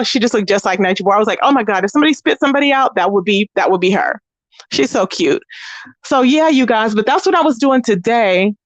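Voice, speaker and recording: High-voiced chatty woman, dry close mic. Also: dry recording. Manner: chatty and blunt, greets viewers by name. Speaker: host of a live commentary stream. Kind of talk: casual live-stream chat.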